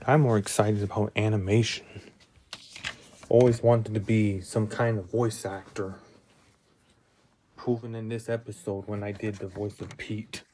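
A man's voice: on the low side, level tone, a little slow, pauses often, dark tone, slight background noise. A man hosting a solo podcast who rambles and muses aloud, often putting himself down. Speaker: podcast host.

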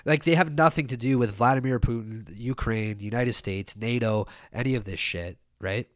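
A man's voice: mid-range voice, moderate pace, no room sound, clean studio sound. A young man talking in a loose, rambling monologue, swearing often and circling back with lots of fillers and restarts. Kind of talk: casual opinion monologue.

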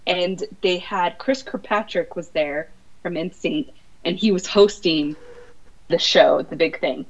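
Excitable low-voiced woman, lo-fi audio. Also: unhurried. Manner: excitable fan storytelling with laughs. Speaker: podcast guest. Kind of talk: casual chat. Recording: dull lo-fi podcast audio.

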